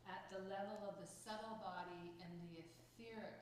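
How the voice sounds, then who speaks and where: A woman reads an audience question aloud, repeating it slowly and spelling out a tricky word. Her voice sits at a middle pitch and is picked up with a roomy echo around it. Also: fairly even intonation, crowd noise. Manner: careful, spells out words letter by letter. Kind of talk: reading out a question.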